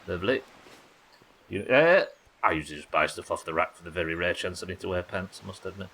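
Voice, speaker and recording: A man streaming a game live, talking in quick excitable bursts and chatting to his viewers. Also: low-pitched. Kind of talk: live gameplay commentary.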